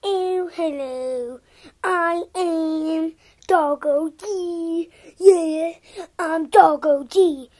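Goofy toy dog, girl voicing it, high and slow, drawn out. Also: a little mellow, full character voice. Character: toy dog named Doggo G, goofy and boastful.

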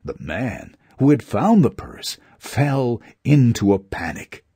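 A man narrating fables for children in a measured, expressive storytelling voice. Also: mid-range voice, a little hiss or hum.

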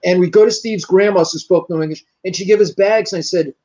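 An older man from the United States spins long, rambling anecdotes as an interview guest, slipping into the voices of the people he quotes. His voice sits high for a man, and the recording is muffled and lo-fi. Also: fast, mellow. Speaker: martial arts grandmaster, interview guest. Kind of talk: storytelling in an interview.

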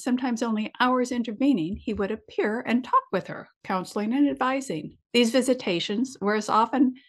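A woman reading an old memoir aloud in a matter-of-fact way. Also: medium pitch. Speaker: reader.

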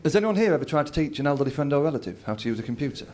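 A man's voice: fairly high pitch, sing-song, rapid-fire, background noise. A man doing a stand-up comedy routine on stage, telling a story and acting out other people's lines. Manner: storytelling, acts out his dad's lines. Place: comedy venue with a live audience.

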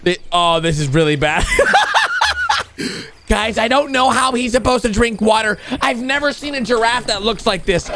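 A man hosting a reaction video, giving excitable, exclamatory commentary on animated clips and calling out to viewers. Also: high-pitched, normal speed, background noise. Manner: excitable, exclamatory, talks to viewers as "bro" and "guys". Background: music.

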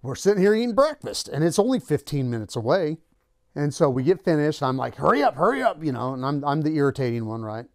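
A man's voice: fairly high pitch, lively intonation, fast, darkish tone, dry recording, clean studio sound. A man hosting his own channel, casually telling a personal story and acting out the lines of the people in it. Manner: conversational, acts out quoted lines. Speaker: channel host.

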